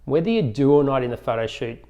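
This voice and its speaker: Guy walking through how he runs photo client consultations, chatty, mid pitch, acts out little bits of dialogue. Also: expressive, fast talker, mellow, dull audio. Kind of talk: instructional talk.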